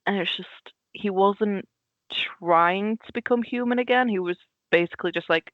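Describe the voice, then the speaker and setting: A woman's voice: mid-range voice, moderate pace, no echo. A woman co-hosting a film podcast, chatting animatedly and acting out characters' lines as she talks. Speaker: podcast co-host. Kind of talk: casual film discussion. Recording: slightly dull lo-fi mic.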